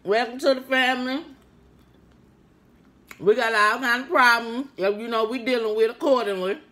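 A young woman chatting loudly and playfully to her viewers while eating a meal on mic. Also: a little high, fairly even intonation, normal speed. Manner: chatty, loud and playful, talks to viewers as friends; eats on mic between remarks, with mouth sounds. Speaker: food vlogger. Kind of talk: casual mukbang eating vlog.

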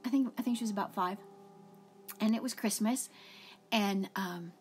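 A woman's voice: mid-range voice, moderate pace, husky, soft background music. A middle-aged woman giving an earnest devotional talk, telling personal stories in a conversational way. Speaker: ministry speaker.

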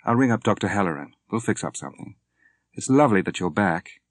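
A man voicing an anxious young wife and mother who speaks softly and worriedly, in an audiobook reading. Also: on the low side, animated, fast talker, no room sound. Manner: soft, worried.

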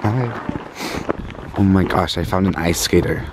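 A man's voice: low-pitched, slow, heavy background noise. A young man chatting playfully on a snowy outdoor trail, counting the dogs he passes. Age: young adult. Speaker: vlogger. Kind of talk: casual vlog chat.

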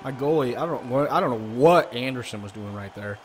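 A man's voice: medium pitch, animated, a little fast, slight background noise. A man streaming a hockey video game, chatting casually and swearing at the plays. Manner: profane, grumbling at the game. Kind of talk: casual gameplay commentary.

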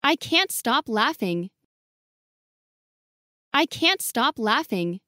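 Female English lesson reader: slow, clear sentence drills, bright singsong pitch, dry close sound. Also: very animated, dry recording. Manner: reads each short sentence twice.

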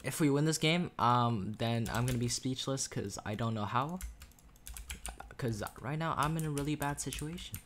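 Keyboard and mouse clicks tick faintly while a gaming YouTuber narrates his own gameplay in a casual, wandering way, cracking jokes and taunting other players. His mid-range voice is a bit bright and moves at normal speed. The USB desk microphone picks up a little hiss or hum.

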